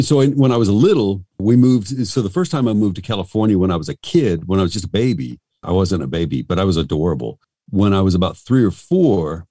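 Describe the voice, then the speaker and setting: A man's voice: low voice, warm tone, no echo, clean studio sound. A middle-aged man who works in radio and voice-over, telling stories in a rambling, self-deprecating way with lots of restarts. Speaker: radio host and voice actor. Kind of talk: casual interview storytelling.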